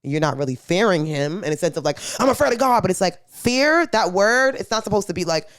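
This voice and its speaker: A young woman co-hosting a podcast, talking in a blunt, animated way with plenty of swearing. Her voice sits fairly low, and the sound is dry and close. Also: fairly quick, no echo. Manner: acts out quoted kids and parents in a raised voice. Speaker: podcast co-host. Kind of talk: casual chat.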